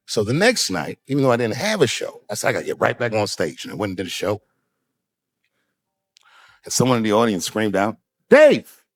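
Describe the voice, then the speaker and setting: A male stand-up comedian telling a story on stage into a handheld mic, swinging between loud outbursts and quiet asides. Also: medium pitch, dry recording.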